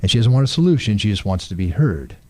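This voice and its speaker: A man's voice: on the low side, very animated, fast, a little mellow, no room sound. A man, a marriage and family therapist, giving earnest, pragmatic relationship advice in conversation. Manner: earnest, pragmatic, uses acted-out examples. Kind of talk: conversational advice on a radio talk show.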